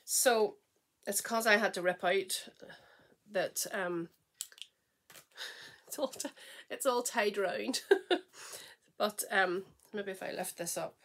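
A woman hosts a knitting podcast in a relaxed, chatty way, often trailing off mid-thought before picking up again. Her voice is bright and forward. She gushes readily over what she is showing. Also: mid-range voice, slow, pauses often. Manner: enthusiastic and gushing. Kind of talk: casual chat showing knitting projects.

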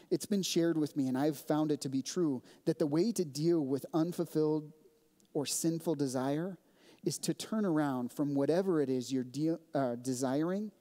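A man delivering a sermon as pastor, earnest and measured, recorded in a church sanctuary. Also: on the high side, dark tone. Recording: long reverb of a church hall.

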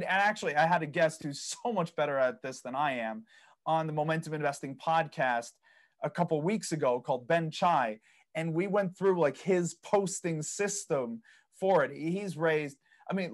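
A man guesting on a podcast, telling stories about property investing, acting out people's reactions and laughing at his own tales. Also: fairly high pitch. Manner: storytelling, acts out other people's quoted reactions. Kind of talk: casual interview chat.

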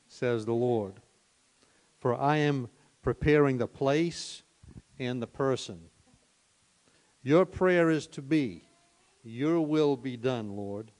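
An older man, a pastor, giving a slow, deliberate close to his sermon in church. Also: mid-range voice, darkish tone. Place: church sanctuary.

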